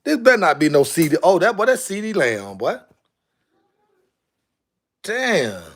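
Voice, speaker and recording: Guy live streaming, talks slow, voice a bit high, keeps going oh damn who this is. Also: wildly swooping pitch. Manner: drawling, exclaiming to himself while sorting jerseys. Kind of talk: casual live stream chat.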